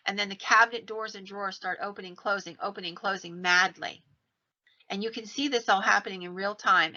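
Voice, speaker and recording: Woman, podcast host, casual ghost-story telling, bright voice, slightly dull lo-fi sound. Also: medium pitch. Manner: animated retelling, acts out quoted lines in her own voice.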